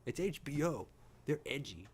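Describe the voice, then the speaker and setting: Excitable male reaction host, lively swooping delivery, faint background hiss. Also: medium pitch, moderate pace. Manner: giddy, excitable, jokey. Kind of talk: casual reaction commentary.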